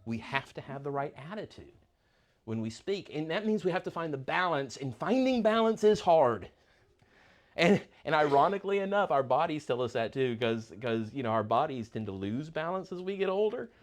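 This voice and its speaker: Halting, repetitive man in his fifties. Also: fairly high pitch, very animated. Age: 50s. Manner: halting, repeats words and restarts often. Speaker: Bible class teacher. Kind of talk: casual class discussion.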